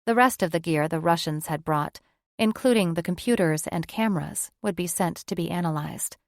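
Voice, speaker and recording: A woman narrating a fantasy romance audiobook in an even, measured way. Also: lowish voice, dry recording, clean studio sound. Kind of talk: scripted narration.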